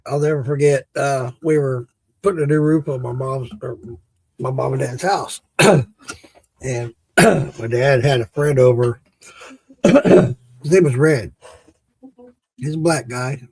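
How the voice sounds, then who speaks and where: A man's voice: mid-range voice, slow, long pauses, darkish tone, husky, no room sound. A man hosting a casual chat, telling stories with laughs and swearing, acting out quotes. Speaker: podcast host.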